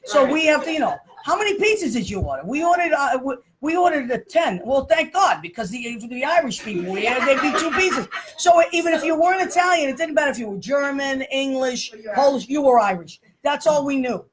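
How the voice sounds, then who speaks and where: A middle-aged woman hosting a casual chat show, telling stories in an animated, laughing way. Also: high-pitched, a little fast, few pauses, a crowd in the background. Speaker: show host.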